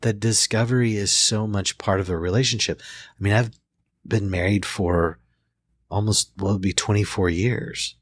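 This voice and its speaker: A man's voice: lowish voice, steady tone, normal speed, no echo, studio quality. A man in his forties, a therapist hosting a casual podcast conversation, telling reflective stories and often restarting his sentences. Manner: reflective storyteller, with frequent restarts. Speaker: therapist host.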